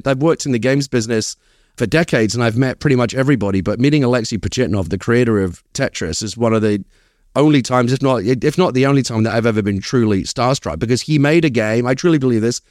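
A middle-aged man from East London whose British accent has turned partly American tells stories in an animated, rambling way, often restarting sentences. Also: mid-range voice, dry recording, clean studio sound. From East London, England. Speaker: guest screenwriter. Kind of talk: casual interview chat.

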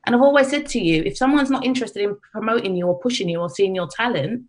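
A woman's voice: medium pitch, quick pace. A woman radio producer guesting on a chat podcast, talking directly and repeating key words for emphasis. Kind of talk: casual chat.

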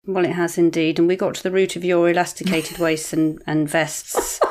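A woman's voice: on the low side, flat delivery, normal speed, darkish tone. A middle-aged woman, co-hosting a podcast in a playful, teasing chat. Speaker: podcast co-host. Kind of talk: casual chat.

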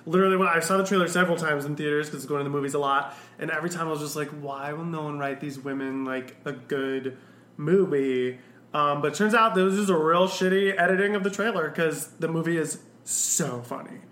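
A young man spins a rambling, animated anecdote full of fillers and restarts. His voice is bright and a little high. The room is echoey with a faint hiss behind him. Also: fast, few pauses. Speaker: guest. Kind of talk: casual storytelling chat.

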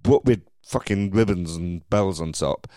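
A man hosting a podcast, telling stories in a lively, casual way with stammered restarts. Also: sits low, a little slow, dry recording, clean studio sound. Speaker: podcast host.

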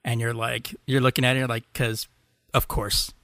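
A man with a bright, forward voice of middling pitch chats on a podcast, drifting through long stories with plenty of casual swearing and easy laughter. The sound is close and dry, with no room around it. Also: level tone, moderate pace, no room sound. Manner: rambling storyteller, swears casually, laughs often. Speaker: podcast co-host. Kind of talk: casual chat.

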